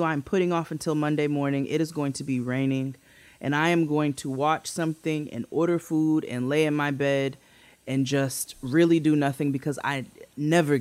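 A woman co-hosting a podcast who tells a story in a casual, animated way, swearing freely and acting out quotes in a much higher voice. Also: no room sound. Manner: animated, swearing, acts out quotes with big pitch jumps. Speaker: podcast co-host.

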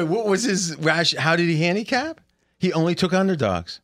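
Upbeat male betting-show host, lively pitch, laughs a lot, tells long stories. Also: moderate pace. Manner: animated storyteller, laughs often. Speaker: podcast host. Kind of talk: casual sports betting chat.

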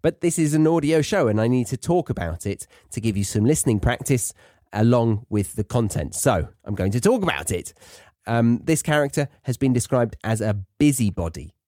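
British man, podcast host, playful chat, lively pitch, mellow tone, dry close mic. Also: normal speed, dry recording. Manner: playful, chatty, repeats words for learners. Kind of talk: podcast monologue for English learners.

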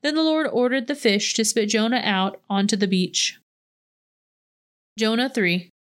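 A woman reading a Bible passage aloud in a steady, measured way. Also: on the high side. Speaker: scripture reader.

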